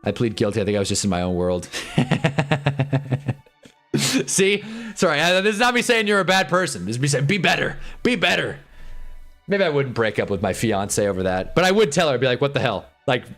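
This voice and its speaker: A man's voice: medium pitch, fairly bright tone. A man in his twenties ranting casually on a livestream, rambling and joking with frequent laughs. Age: 20s. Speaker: livestream host.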